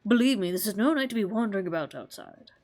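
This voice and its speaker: A woman's voice: medium pitch, expressive, fast talker, a little mellow, pitched below the performer's own voice, lightly acted. A woman voicing a fussy elderly village man who speaks in a worried, old-fashioned way.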